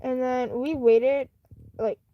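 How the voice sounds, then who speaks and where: A woman chats on a live stream in a slightly higher voice, rambling through a personal story with plenty of fillers and restarts. The sound is close and dry, with no room echo. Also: steady tone, takes it slowly, muffled recording. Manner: chatty and candid.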